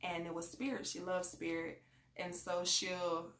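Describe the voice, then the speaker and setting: In an echoey room, a woman with a lowish, level, slightly bright voice shares parenting advice on her vlog channel at a measured pace. She's chatty and conversational, rambling along with plenty of fillers.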